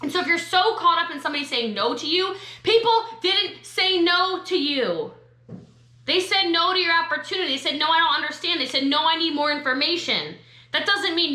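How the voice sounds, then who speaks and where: Woman, high and bright voice, sassy motivational trainer, echoey room. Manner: sassy, emphatic, quick asides. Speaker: network marketing trainer.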